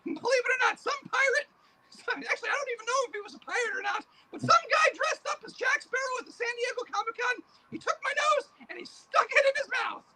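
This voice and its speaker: A man voicing a crude, giggly male puppet boogeyman who cackles and shouts gross-out jokes. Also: very high voice, quick pace, slight background noise, pitched above the performer's own voice, exaggerated voice, low-quality recording.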